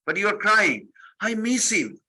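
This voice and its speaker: A man voicing a tearful, loving mother who softly insists she misses her son. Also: high-pitched, big pitch swings, a little slow, breathy edge, pitched above the performer's own voice, heavily acted.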